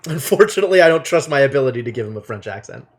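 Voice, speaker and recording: A man streaming a game, commenting casually and thinking aloud with excitement. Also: mid-range voice, very fast.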